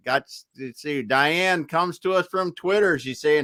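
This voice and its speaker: A man co-hosting a live show, reading out viewer comments in a relaxed way. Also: fairly high pitch, unhurried, few pauses, no echo, studio quality. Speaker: podcast co-host.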